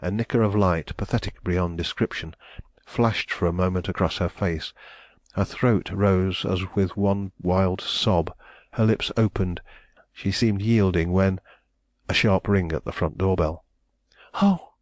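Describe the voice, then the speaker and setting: A man narrating a novel in a measured, solemn manner. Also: deep voice, fairly even intonation, no echo. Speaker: audiobook narrator. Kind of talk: scripted audiobook narration.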